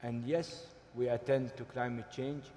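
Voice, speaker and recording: Deliberate emphatic guy speaking on a panel, lots of uhs, echoey big hall. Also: medium pitch, flat delivery, warm tone, a little hiss or hum. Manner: deliberate, emphatic, with frequent hesitations. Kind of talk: panel discussion. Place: large conference hall. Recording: hall reverb, faint ambience.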